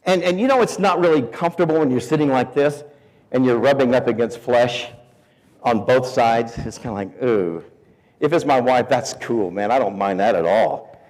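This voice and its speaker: A man preaching to a school crowd, spinning a funny tale with a playful, theatrical delivery. His pitch leaps and dives as he acts out each person, and his voice rings through a large echoey hall. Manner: animated, playful, acts out the people in his story. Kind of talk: sermon told as a comic story. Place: school chapel or auditorium.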